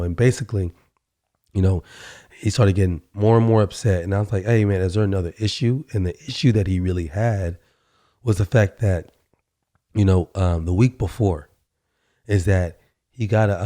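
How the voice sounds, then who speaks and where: A podcast host tells a workplace story in a casual, conversational monologue, playing both sides of the dialogue and often saying "you know." His voice is low-leaning and mellow, recorded dry.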